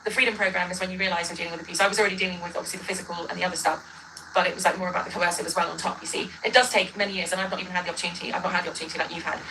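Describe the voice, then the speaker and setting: Fast, bright-voiced ranting woman. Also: lowish voice, little pitch movement, slight background noise, low-quality recording. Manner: rambling, combative, self-correcting. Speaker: livestreamer in a dispute. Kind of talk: ranting reaction video.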